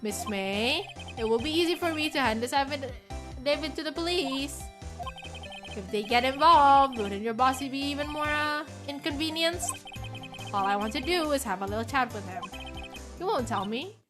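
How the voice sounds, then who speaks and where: A woman's voice: sits high, lively intonation, moderate pace, music in the background. A woman voicing a young male defense lawyer who questions witnesses with dry asides. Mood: probing.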